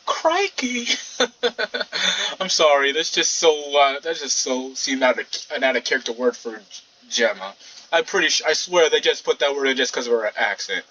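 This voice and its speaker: A man's voice: mid-range voice, brisk, bright, forceful tone, far from the mic. A man casually commentating a video game playthrough, rambling and talking back to the game. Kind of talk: casual let's-play commentary. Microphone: poor microphone, fan in background. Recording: dull lo-fi mic, faint fan hum.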